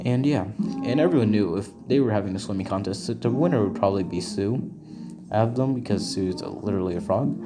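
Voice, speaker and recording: Low-voiced man rambling through a story. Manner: rambling, with restarts. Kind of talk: casual fan-story narration. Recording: guitar music in background.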